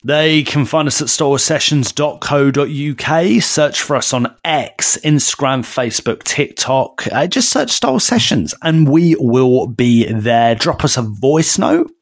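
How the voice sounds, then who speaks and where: Lively, jokey podcast co-host. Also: male voice, measured pace, few pauses. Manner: playful, jokey, swings pitch a lot. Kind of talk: casual podcast banter.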